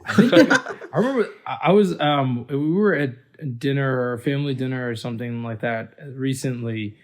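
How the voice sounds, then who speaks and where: A man's voice: medium pitch, normal speed. Rambling man telling a story. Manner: rambling, self-deprecating storyteller. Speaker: podcast guest. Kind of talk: casual chat.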